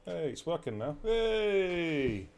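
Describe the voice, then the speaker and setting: A man's voice: medium pitch, lively intonation, fairly quick, darkish tone. A man hosting live sim racing commentary, chatty and upbeat, talking straight to his chat. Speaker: race commentator and stream host.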